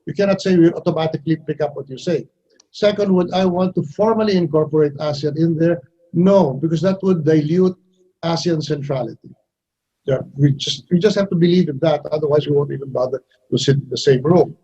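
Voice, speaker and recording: Blunt husky man with a wry tone. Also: a little high, fairly quick, warm tone, muffled recording. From Philippines. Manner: blunt, wry, acts out others' lines with shifts in voice. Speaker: foreign minister, guest. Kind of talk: candid interview answers.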